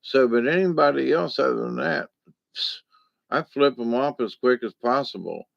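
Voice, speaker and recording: Gravelly folksy man. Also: mid-range voice, normal speed, dry recording, muffled recording. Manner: folksy, digressive, full of fillers. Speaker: vlogger. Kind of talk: casual rambling monologue.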